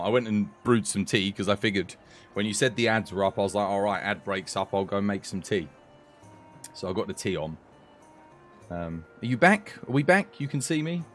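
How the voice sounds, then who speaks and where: A young British man chats loosely with his livestream viewers, drifting from one aside to the next with casual swearing. His voice sits at an ordinary middle pitch, and faint music plays underneath. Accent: British English. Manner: chatty and rambling, swears casually. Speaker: game streamer chatting with viewers.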